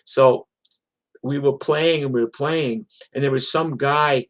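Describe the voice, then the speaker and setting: A man's voice: medium pitch, fairly even intonation, unhurried, poor audio. A man, a touring musician, telling road stories in a casual, profane, rambling way. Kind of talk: casual storytelling on a livestream.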